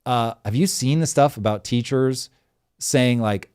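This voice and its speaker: A middle-aged show host riffs in animated commentary chat, full of emphatic, sarcastic energy and the odd swear. His medium-pitched voice is clear, resonant, and darkish, and he speaks unhurriedly.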